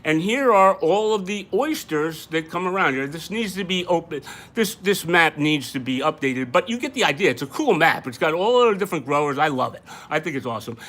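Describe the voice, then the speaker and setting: A man hosts a casual live show, rambling from one thought to the next with jokes thrown in. His voice is bright and lively and swings up and down in pitch. He sits a little high for a man. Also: brisk. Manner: excitable, rambling, jokey. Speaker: host. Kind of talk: casual live-stream chat.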